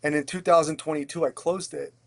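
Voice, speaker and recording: Animated, fairly high-voiced man telling stories. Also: a little fast, creaky. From Pennsylvania. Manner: animated, swears freely, stumbles and repeats words. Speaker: restaurant owner, podcast guest. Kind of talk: candid conversational storytelling.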